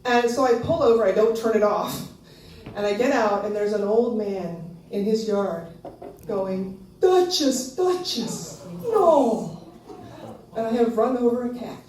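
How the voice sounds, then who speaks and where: A woman in her fifties telling a personal story on stage, animated and laughing often, jumping into a high squeal when she quotes herself. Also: moderate pace. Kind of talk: live storytelling performance. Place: small live venue with an audience. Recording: echoey venue, voice a bit distant, faint background noise.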